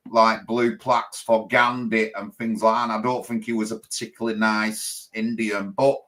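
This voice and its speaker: A man's voice: on the low side, level tone, normal speed, a bit bright, rough recording. Eager man in his fifties. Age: 50s. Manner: enthusiastic, repetitive, interrupts. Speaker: party leader and host. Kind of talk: casual panel chat.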